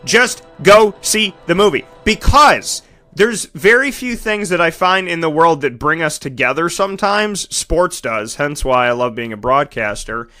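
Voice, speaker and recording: A man hosting a radio show, talking in an animated, emphatic monologue and acting out the voices he quotes. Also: fairly high pitch, measured pace, soft background music. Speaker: radio host and broadcaster. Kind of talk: energetic monologue.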